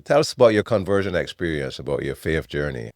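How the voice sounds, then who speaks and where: Very deep-voiced male interviewer. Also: big pitch swings, fast, darkish tone, dry recording, studio quality. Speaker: host.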